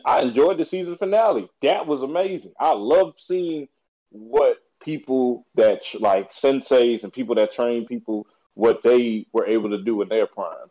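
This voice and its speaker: Man, podcast co-host, mellow tone, slangy rambling chat, dull lo-fi sound. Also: mid-range voice, normal speed. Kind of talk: casual chat about anime. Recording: dull lo-fi recording.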